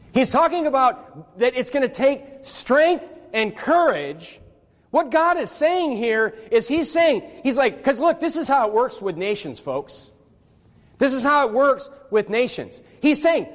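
A preacher with a high voice works through scripture in a loose, conversational way, leaning on "I mean" and "you know". He keeps pushing up into emphatic bursts, and his words ring out with a long reverb from a big room. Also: animated, normal speed. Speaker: pastor. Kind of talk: sermon with scripture reading.

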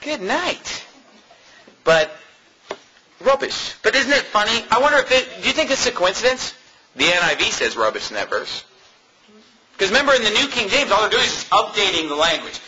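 An American pastor preaching a sermon in an animated, mocking way, laughing often. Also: male voice, high voice, fast, lo-fi sound, background noise.

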